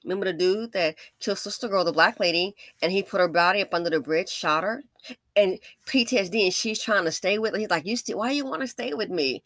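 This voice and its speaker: A woman's voice: fairly low pitch, fast talker, a bit bright, no echo, clean studio sound. Sassy, emphatic woman commentator. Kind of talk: true-crime commentary.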